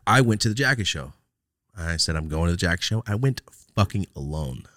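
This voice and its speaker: A young man with a low voice tells a rambling story on a podcast. His pitch swings widely as he acts out what people said. The sound is dry and close. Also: fairly quick, dry recording. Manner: animated, profane, jumps into loud quoted outbursts. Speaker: podcast host. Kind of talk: casual storytelling chat.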